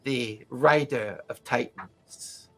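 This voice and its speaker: A man voicing a gentle, courteous elderly male mystic in a tabletop game. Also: mid-range voice, voice pushed down, full character voice. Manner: courteous, unhurried, gently mocking.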